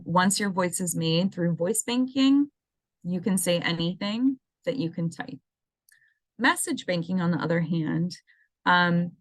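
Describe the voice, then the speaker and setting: A woman with a lowish voice, an assistive technology coordinator, presents an educational webinar over a computer mic on a video call. She talks casually and explains things step by step, with frequent ums and restarts. The recording is dry.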